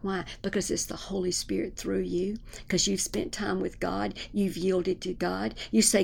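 A woman preaching a sermon with fervor, at times dropping her voice to a hushed whisper for spoken prayers. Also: medium pitch, little pitch movement, a little slow, gravelly, hardly any pauses, slight background noise.

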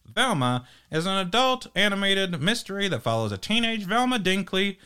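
Lively crude New Jersey podcast host. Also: male voice, high-pitched, moderate pace, smooth. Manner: stumbling read-aloud, crude, laughing. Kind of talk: parody podcast banter.

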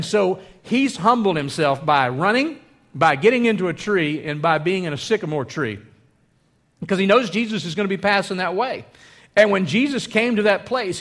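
A man preaching a sermon, animated, acting out the voices of the crowd. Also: high voice. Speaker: pastor.

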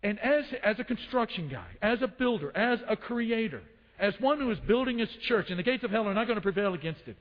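A pastor with a high male voice preaches in a church sanctuary, calling out to the congregation for answers and repeating phrases to hammer his points home. He speaks expressively and fairly quickly, his voice ringing with long reverb, though the sound is dull and muffled.

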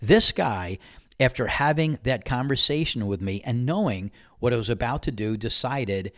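A man's voice: medium pitch, normal speed, dry recording, clean studio sound. A man hosting a podcast, telling a personal story in a candid, conversational way and acting out the dialogue. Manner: animated anecdote-telling, acts out dialogue; candid and conversational, mild swearing. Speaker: podcast host. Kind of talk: casual storytelling monologue.

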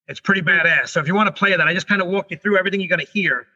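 A middle-aged man, a guest on an interview show, telling a story in a rushed, animated way and often restarting his sentences. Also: high voice, husky. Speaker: guest, comedian and paranormal investigator. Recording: dull lo-fi recording.

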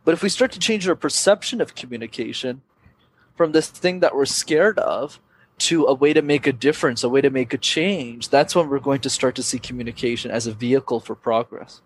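A young man, a public speaking coach, giving energetic, emphatic advice as a podcast guest. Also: medium pitch, fairly quick, a little hiss or hum.

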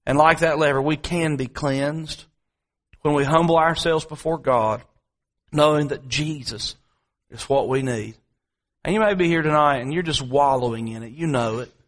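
Guy preaching a sermon, kinda high voice, stretches words out then rushes asides. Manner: dramatic preaching, swings between drawn-out emphasis and quick asides; repetitive, rhetorical delivery.

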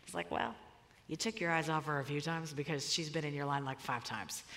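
A woman's voice: low voice, fairly quick, creaky, fairly bright tone, slight background noise. Woman preaching in a reverberant hall. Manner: conversational storytelling, emphatic. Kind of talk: sermon with personal story.

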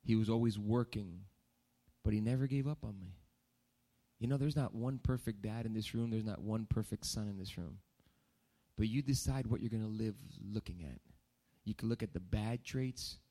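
A man's voice: on the low side, normal speed. Man preaching a sermon with a story. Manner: animated, repeats phrases for emphasis. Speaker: pastor.

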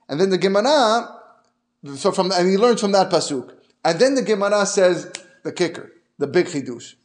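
A man teaching a Torah lesson as a lively story, mixing in Hebrew terms and restarting phrases as he goes. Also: high-pitched.

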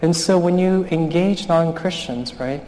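A man's voice: a little high, measured pace, mellow, a little hiss or hum. A male pastor preaching a sermon in a conversational, storytelling manner. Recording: long hall reverb.

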